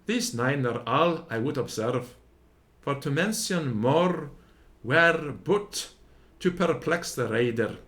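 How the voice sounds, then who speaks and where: Man reading a grammar lesson aloud, unhurried, sounds out every example word one by one. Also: mid-range voice, expressive, a bit bright. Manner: slow, deliberate, sounding out each example word.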